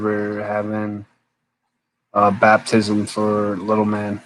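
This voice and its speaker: A man's voice: on the low side, monotone, moderate pace, a little hiss or hum, poor audio. A man hosting a casual late-night live stream, rambling, answering viewers' comments, tired and yawning. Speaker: homesteader live-stream host.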